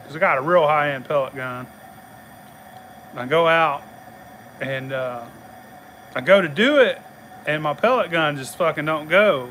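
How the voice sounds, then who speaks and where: A man's voice: fairly high pitch, expressive, normal speed, pauses often, pushed and bright, slight background noise. A middle-aged man, telling a rambling, profane story in casual chat and laughing along the way. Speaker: channel host.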